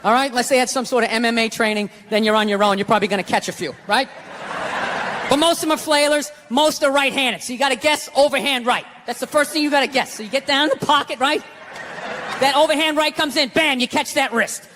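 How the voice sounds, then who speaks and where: A man's voice: very high voice, fast talker, bright, forceful tone, a little hiss or hum. A middle-aged man doing stand-up, telling a story in an exasperated, profane rant full of "right?" asides. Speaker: stand-up comedian. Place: comedy stage before a live audience. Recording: live stage with hall reverb. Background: audience laughter.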